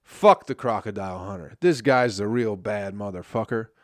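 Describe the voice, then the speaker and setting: A man's voice: on the low side, normal speed, dry recording. A man hosting a podcast, ranting with constant swearing and laughing at his own jokes, his throat dry. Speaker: podcast host. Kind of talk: profane comedic rant.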